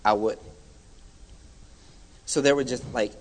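A young man giving a personal testimony at church, telling his story with lively, animated delivery and acting out the people he quotes. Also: mid-range voice, takes it slowly. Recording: hall reverb.

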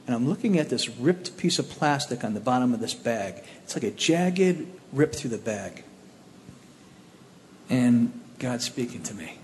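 A man from the Cleveland area telling his own testimony in a plainspoken, animated storytelling way. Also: medium pitch, unhurried, long reverb tail, slight background noise.

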